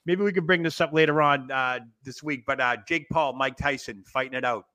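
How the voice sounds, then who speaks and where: A man's voice: mid-range voice, brisk, pushed and bright. A man hosting a casual online wrestling chat, rambling and laughing, trailing off with fillers as he thinks aloud. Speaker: podcast host.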